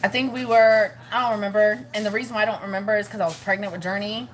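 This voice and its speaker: A woman's voice: medium pitch, steady tone, fast, a little hiss or hum. A woman vlogging in a rambling, chatty way, laughing often as she talks to her viewers. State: pregnant, with morning sickness. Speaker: family vlogger. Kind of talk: casual chat to camera.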